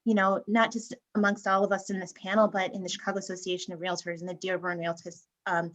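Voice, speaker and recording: A woman's voice: medium pitch, level tone, fast, a bit bright. A woman speaking on a real estate panel, heartfelt and effusive, often restarting her sentences. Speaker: realtor panelist. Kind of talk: panel discussion.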